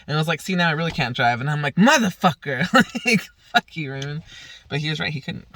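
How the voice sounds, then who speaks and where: A man's voice: fairly high pitch, rapid-fire, bright, forceful tone, dry recording. A young man casually telling a rambling, profane story on his vlog, often laughing. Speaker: vlogger.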